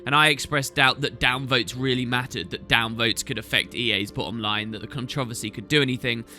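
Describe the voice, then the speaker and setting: A man's voice: mid-range voice, fairly even intonation, brisk, sharp tone, soft background music. A man hosting a gaming channel, answering viewer questions in a chatty, rambling way as he thinks aloud. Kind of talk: casual Q&A chat.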